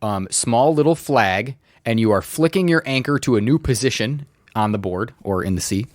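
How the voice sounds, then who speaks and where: A man co-hosting a board game podcast, calmly explaining how a game plays in casual chat. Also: mid-range voice, moderate pace, no room sound. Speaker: podcast co-host. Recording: dry close mic.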